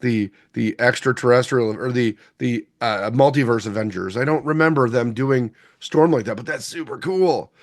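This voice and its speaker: A man's voice: medium pitch, moderate pace, hardly any pauses. Blunt, sarcastic podcast man. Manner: blunt, sarcastic, swears freely. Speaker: podcast co-host. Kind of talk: casual review chat.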